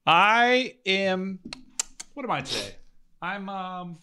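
A man co-hosting a podcast, goofy and quick to play along with jokes. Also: high voice, expressive, pushed and bright, smooth. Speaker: podcast co-host. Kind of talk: casual joking chat.

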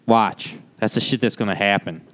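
A man's voice: on the low side, fairly bright tone, dry recording. A man co-hosting a casual podcast, ranting and swearing freely as he talks. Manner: ranting, swears a lot, drawn-out emphasis. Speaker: podcast co-host. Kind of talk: casual profane chat.

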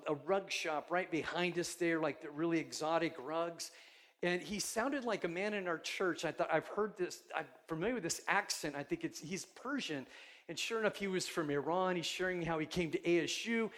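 High-voiced preaching man, earnest and emphatic. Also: fairly bright tone. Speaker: pastor. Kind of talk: sermon.

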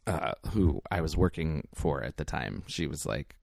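A man co-hosting a podcast, telling anecdotes in a relaxed, wry, casual way. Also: extremely low pitch, moderate pace, vocal fry, no room sound, studio quality. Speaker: podcast co-host. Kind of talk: casual chat, storytelling.

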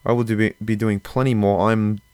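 Man, solo podcast host, very low smooth voice, dry close sound, loose and rambling. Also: flat delivery, normal speed, a little mellow, no echo. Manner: rambling, loose, many fillers.

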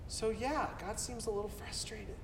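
A man's voice: high-pitched, fairly even intonation, moderate pace, noisy background. A man preaching a sermon to his church as pastor, speaking earnestly and repeating words for emphasis. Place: church sanctuary. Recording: roomy hall from far off.

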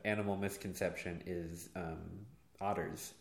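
A man's voice: deep voice, unhurried. Playful young man in an echoey café. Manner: playful, deadpan jokes. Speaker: podcast guest. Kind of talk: casual chat. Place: coffee shop. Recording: echoey room.

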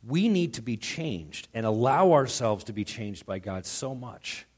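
A man preaching a sermon as pastor, animated and quick to act out what others say, often restarting his words. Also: medium pitch, husky. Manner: animated, acts out quoted voices, frequent stammered restarts.

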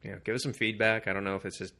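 A man's voice: fairly low pitch, little pitch movement, racing, pushed and bright. A young man co-hosting a comics podcast, chatting casually, swearing freely and laughing often as he retells stories. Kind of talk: casual profane chat.

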